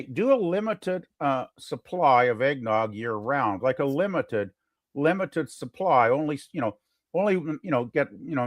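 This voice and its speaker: This man co-hosts a podcast, chatting casually and rambling with lots of fillers and false starts. His voice sits at a medium pitch, captured in studio quality with no room sound.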